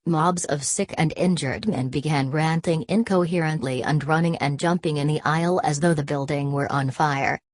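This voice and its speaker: A woman narrating a novel as an audiobook in an even storytelling read. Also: deep voice, no echo. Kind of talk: scripted narration.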